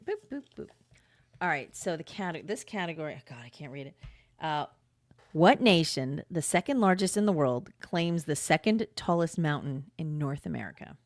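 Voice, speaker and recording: A woman co-hosting a podcast, chatty and upbeat, laughing easily between plugs and banter. Her voice sits low for a woman, and the sound is close and dry. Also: animated, moderate pace, no echo. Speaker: podcast co-host. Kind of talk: casual chat.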